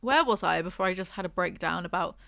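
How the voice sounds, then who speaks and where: A woman's voice: fairly low pitch, fast, gravelly, pushed and bright, no room sound, studio quality. A British woman giving a casual book review from a hotel room, chatty and rambling, with sarcastic asides.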